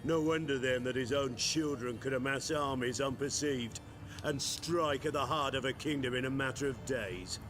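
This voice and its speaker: A man's voice: mid-range voice, moderate pace, natural voice. A man playing a scornful aristocratic knight. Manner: haughty, contemptuous, theatrical delivery. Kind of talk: video game voice acting. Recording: game audio with music behind.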